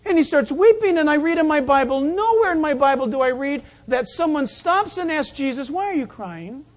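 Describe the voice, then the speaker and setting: A pastor giving a sermon in an animated, jokey way, acting out the scenes. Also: high voice, a little fast.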